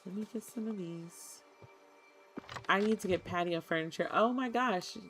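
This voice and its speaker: A woman's voice: medium pitch, normal speed, faint music behind. Chatty woman streaming a cozy game. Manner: chatty, excitable, talks to the game while playing. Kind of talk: casual gaming stream chat.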